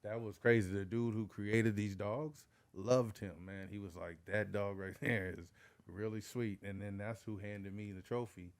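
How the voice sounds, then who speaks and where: Middle-aged dog-breeder guy, lively storyteller, casual chat. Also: on the low side, normal speed. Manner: animated storyteller, frequent "you know what I'm saying".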